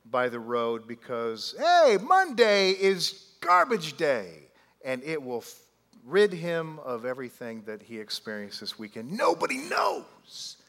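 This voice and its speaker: A man preaching a sermon, telling a story animatedly with drawn-out pauses and asides to the congregation. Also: medium pitch, a bit bright. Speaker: pastor. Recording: long hall reverb.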